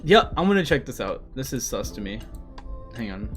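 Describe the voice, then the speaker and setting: A man's voice: mid-range voice, sing-song, normal speed, faint music behind. Rambling man on a live stream. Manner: rambling, chatty, self-deprecating, lots of fillers. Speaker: streamer reading manga aloud. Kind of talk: casual live-stream commentary.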